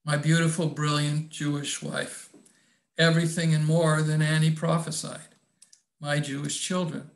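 Slow gravelly older man reading his novel. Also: on the high side, level tone. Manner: reflective, measured reading. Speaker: author. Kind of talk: reading aloud from his own novel with commentary.

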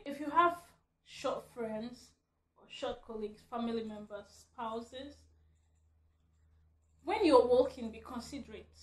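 A woman vlogger ranting at home, animated and laughing often as she talks. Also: sits high, echoey room. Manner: animated, laughing mid-rant. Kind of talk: ranting vlog.

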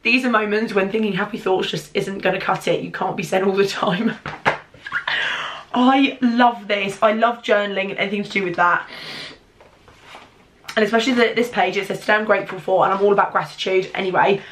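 A young British woman with a congested, stuffy voice, talking in a gushing, excitable way through a casual unboxing vlog and swearing freely. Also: medium pitch, brisk, long pauses, a little hiss or hum. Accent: British English. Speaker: YouTuber.

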